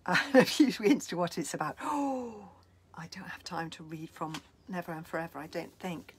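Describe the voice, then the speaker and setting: Very breathy woman reading aloud dramatically. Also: fairly low pitch, moderate pace. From London, England. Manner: dramatic, swings from loud to whispered. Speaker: children's author. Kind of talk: reading aloud and answering questions. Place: home, indoors. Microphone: video call.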